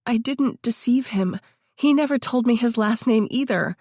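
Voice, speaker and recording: A woman's voice: fairly high pitch, moderate pace, a little mellow, dry recording, voice pushed up, lightly acted. A woman gives a frantic young heroine in an audiobook, her voice raised and shaky, stumbling over words. Dry, close sound. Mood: panicked. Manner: raised, shaky, stammering pleading.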